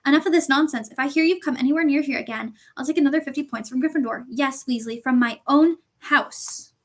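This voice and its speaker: A stern older schoolmistress with a cold, clipped delivery, as a woman narrator gives her lines. The voice sits a little high for a woman and stays firm and reproving. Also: steady tone, quick pace, a bit bright. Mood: angry. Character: stern strict older female teacher.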